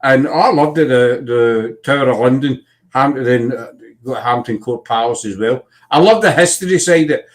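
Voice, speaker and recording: A man's voice: medium pitch, normal speed. Scottish man telling rambling stories. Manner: rambling anecdotal storytelling. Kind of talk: casual chat.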